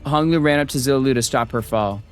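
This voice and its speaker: A man streaming a story game, reading the text aloud and reacting with excitable, swear-filled outbursts. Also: mid-range voice, fairly quick, faint music behind. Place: home streaming setup.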